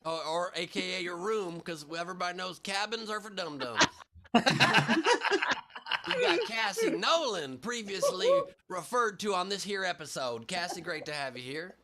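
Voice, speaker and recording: A man's voice: high-pitched, very animated, moderate pace, crowd noise. A man hosting a comedy show over a video call, riffing playfully and joking with guests. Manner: playful, riffing, mock voices and jokes. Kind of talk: improvised comedy banter.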